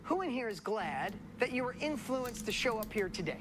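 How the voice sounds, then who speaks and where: A woman's voice: on the high side, sing-song, normal speed, background noise. A woman giving a motivational seminar speech, preachy, repeating key phrases and asking the audience questions. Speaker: motivational speaker.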